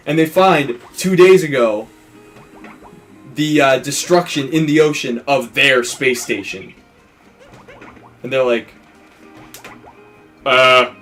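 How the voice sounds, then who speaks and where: A man hosting a let's play, casually retelling a movie plot with acted-out quotes and some swearing. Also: mid-range voice. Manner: animated storytelling, acting out quotes, swearing, laughing. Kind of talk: casual movie recap over gameplay.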